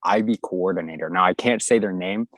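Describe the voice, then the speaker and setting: A young man in his twenties telling a school story in a casual, animated way, playing out the voices of the people in it. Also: low-pitched, a little fast, dry recording. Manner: animated anecdote telling, acts out quoted voices. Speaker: guest YouTuber.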